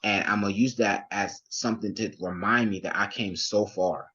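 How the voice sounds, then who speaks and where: A man's voice: lowish voice, fairly even intonation, normal speed, pushed and bright, breathy edge, muffled recording. A young man as an interview guest, telling his story casually with many fillers and restarts. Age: young adult.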